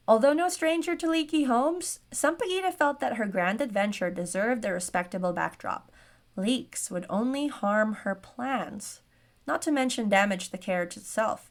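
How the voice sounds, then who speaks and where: A woman narrating a solo tabletop game as game master, with chatty, self-aware asides. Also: medium pitch.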